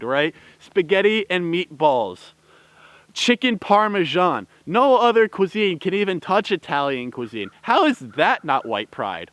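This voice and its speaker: Unhurried, smooth-voiced man giving opinions. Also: high voice, sing-song, a bit bright, dry recording. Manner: rambling and heated, many fillers and restarts. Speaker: vlogger. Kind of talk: opinion commentary.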